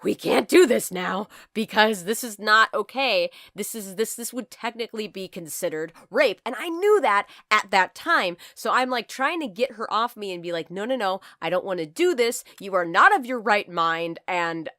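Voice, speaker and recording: A woman's voice: medium pitch, big pitch swings, normal speed, few pauses, bright, forceful tone, dry recording, clean studio sound. A woman in her twenties telling a personal story on her vlog, candid and profane, acting out scenes as she goes. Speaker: vlogger.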